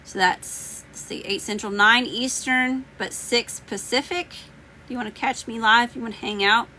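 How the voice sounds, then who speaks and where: A woman runs a live tarot reading and chats straight to her viewers, joking and slangy with a blunt edge. Her voice sits a touch high and rings bright and forceful. It is slightly worn, as she is losing it. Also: normal speed, a little hiss or hum. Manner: teasing, laughing, slangy and blunt. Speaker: tarot reader hosting a live stream. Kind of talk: casual livestream chat answering viewers.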